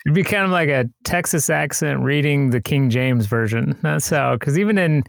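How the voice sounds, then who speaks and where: A man's voice: a little high, normal speed, gravelly, no room sound, studio quality. A man from rural Indiana hosting a podcast, asking long, rambling questions. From rural Indiana, USA. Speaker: podcast host. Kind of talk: podcast interview.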